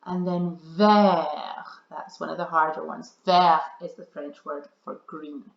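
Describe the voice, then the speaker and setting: A woman's voice: low voice, level tone, gravelly, roomy sound, highs cut off. A woman teacher, cheerfully talking through a recorded slideshow lesson for children and stressing the key words. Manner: cheerful, encouraging, speaks slowly with emphasis on key words.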